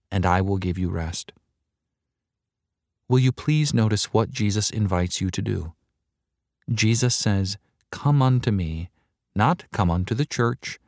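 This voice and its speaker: An earnest male preacher delivers a sermon in a lowish voice, measured and deliberate, slowing down to hammer home repeated phrases. The sound is dry and close, with little room echo. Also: darkish tone. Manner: earnest, measured preaching with slow emphatic repetitions. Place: large hall before a crowd.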